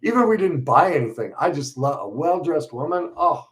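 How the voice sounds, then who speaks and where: A middle-aged man hosting a casual livestream, reading viewers' comments aloud and answering them in a relaxed, conversational way with frequent fillers. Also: a little high, a little fast. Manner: reads viewer messages aloud and responds warmly, conversational with fillers.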